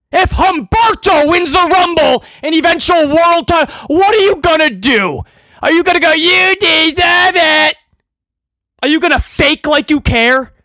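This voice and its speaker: High-pitched man ranting sarcastically. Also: no room sound. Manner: ranting, sarcastic, shouting at times. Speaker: wrestling commentator. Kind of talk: heated opinion rant.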